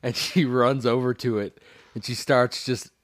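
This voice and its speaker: A young man co-hosting a podcast, laid-back and joking, sometimes breaking into playful shouts. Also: mid-range voice, fairly even intonation, measured pace. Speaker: podcast co-host. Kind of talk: casual chat.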